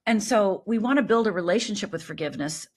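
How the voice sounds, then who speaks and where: A woman in her sixties, a life coach, telling her story as an interview guest in an animated way, often asking "right?". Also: mid-range voice, fast. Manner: animated, tags thoughts with "right?".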